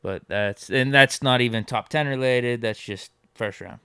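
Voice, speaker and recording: Smooth-voiced man reading podcast chat. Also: medium pitch, normal speed, pushed and bright, no room sound, clean studio sound. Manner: laid-back, reads comments aloud and teases. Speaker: podcast co-host reading viewer comments. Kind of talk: casual sports chat.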